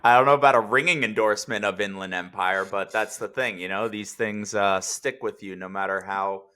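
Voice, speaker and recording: A man's voice: on the low side, a little fast, sharp tone, smooth. A man hosting a podcast in casual chat, with wry, brief reactions. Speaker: podcast host.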